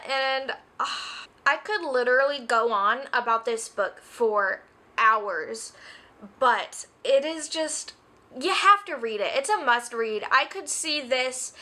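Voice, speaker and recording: A young woman talks through a book review in a high, bright voice. She takes her time and rambles, gushing and emotional, close to tears. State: tearful. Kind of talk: casual book review vlog.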